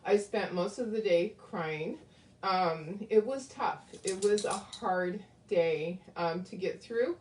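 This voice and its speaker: A woman's voice: medium pitch, slow pace, darkish tone, slight background noise. A woman hosting a casual craft livestream, talking to viewers with lots of ums and asides, grieving and close to tears. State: grieving and tearful. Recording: echoey room.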